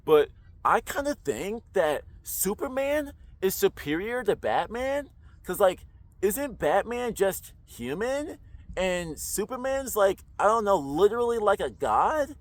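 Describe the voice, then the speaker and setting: A man's voice: high-pitched, very animated, measured pace, pitched above the performer's own voice. A man putting on the voice of an unsure speaker whose every sentence rises like a question. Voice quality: uptalk, rising sentence ends.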